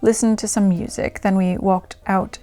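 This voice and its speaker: A young English art student from the 1920s reads her diary entries aloud, as a woman puts her on. The English accent is put on and the voice is pushed lower than usual, at a middle pitch, with faint music behind. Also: steady tone, normal speed, creaky, warm tone, lightly acted. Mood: lively. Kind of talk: diary reading in character.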